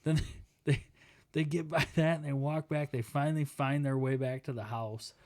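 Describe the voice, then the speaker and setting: Man telling an animated story. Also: a little high, moderate pace. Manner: animated storyteller, acts out quotes, laughs while talking. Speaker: podcast co-host. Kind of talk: casual podcast chat.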